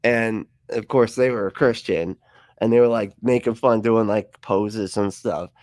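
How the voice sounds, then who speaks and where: A man hosting a casual livestream chat, talking quickly and with energy, laughing and swearing often and jumping into mocking voices when he quotes people. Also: fairly low pitch, fairly even intonation, a little mellow, no echo, studio quality. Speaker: livestream host.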